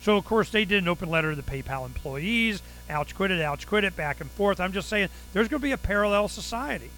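A man talking through a casual monologue in a bright, forceful voice pitched a little high. He tells stories with sarcasm and acts out the people he quotes. A faint mains hum runs behind him. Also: animated, fast, low-quality recording. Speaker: commentary show host.

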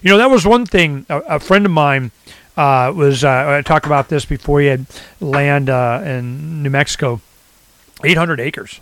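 A man talking in a casual rant, rambling and animated, often acting out what others say. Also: fairly high pitch, normal speed, dry recording. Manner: rambling, animated, swings into quoted voices. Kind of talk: casual ranting chat.

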